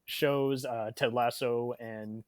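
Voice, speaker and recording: A man's voice: mid-range voice, steady tone, slow, a little mellow, no echo. A man speaking as a podcast guest in a casual comedy chat, rambling and self-deprecating. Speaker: podcast guest, defense attorney in a mock trial.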